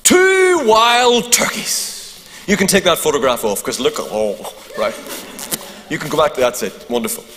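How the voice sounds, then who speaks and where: A man with a Northern Irish accent, a pastor telling a funny story to a congregation in an animated, joking way. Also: on the high side, a little slow, big-room sound, a little hiss or hum. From Northern Ireland. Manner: animated, humorous anecdote with asides to the crowd. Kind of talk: sermon storytelling.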